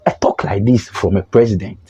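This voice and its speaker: A man with a Ghanaian accent giving opinionated political commentary as a vlogger, talking in an animated, mocking way and often restarting his sentences. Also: on the low side, a little fast, husky. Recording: dull lo-fi recording.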